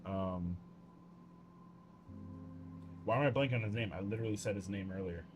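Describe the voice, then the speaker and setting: Young man, low-pitched, tired, rambling, profane, casual late-night monologue. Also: normal speed, background noise. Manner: rambling, profane, frequent fillers and restarts. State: tired, coughing. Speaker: streamer.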